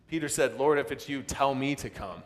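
A man's voice: mid-range voice, moderate pace. Male pastor, dramatic preaching delivery, reverberant church hall. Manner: preaching with sudden loud outbursts and dramatic quoted voices. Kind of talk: sermon. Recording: long reverb of a large hall.

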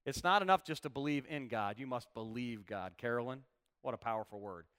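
A man preaching to his congregation, reading scripture and then hammering home its point with repetition. His voice is bright and ringing, crisp and resonant. He sits at an ordinary, middle pitch. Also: brisk. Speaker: pastor. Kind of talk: sermon.

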